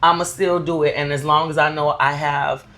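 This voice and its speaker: A woman's voice: deep voice, fairly even intonation, normal speed, a bit bright. A woman co-hosting a podcast, talking candidly and emphatically about motherhood in casual chat. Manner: emphatic, candid, personal storytelling. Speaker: podcast co-host.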